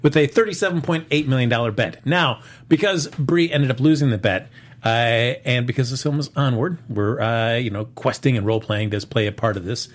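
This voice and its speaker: A man's voice: medium pitch, brisk. Guy hosting a movie chat stream, rambly, lots of uh and um. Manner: rambling, many fillers and restarts. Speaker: podcast host. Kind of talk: casual live-stream chat.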